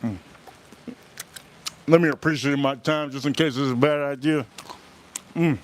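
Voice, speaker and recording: A man hosting a casual livestream, chatting and reacting out loud while he eats. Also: mid-range voice, steady tone, normal speed, a little hiss or hum. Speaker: livestream host. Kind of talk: casual livestream food tasting.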